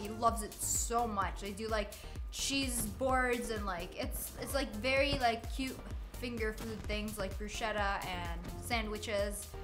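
A young woman streamer tells a rambling story while playing a shooter, swearing at the game and laughing often. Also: on the high side. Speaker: gaming streamer.

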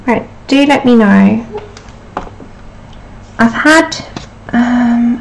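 A woman's voice: on the high side, drawn-out words, vocal fry, slight background noise. A woman hosting a casual live stream, chatty and apologetic while she fixes her sound. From United Kingdom. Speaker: livestream host.

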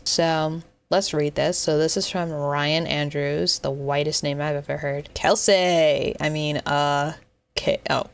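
A woman's voice: deep voice, fairly even intonation, unhurried, vocal fry, smooth. A young woman doing unscripted casual commentary on a social media thread, rambling and joking with lots of restarts. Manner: rambling, joking, self-deprecating, many restarts. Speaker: YouTuber reacting to a Twitter thread.

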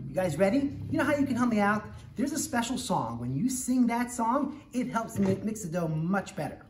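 A woman presenting a hands-on lesson to a group of children, upbeat and coaxing as she leads them in call-and-response. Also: medium pitch. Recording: echoey room, faint background noise.

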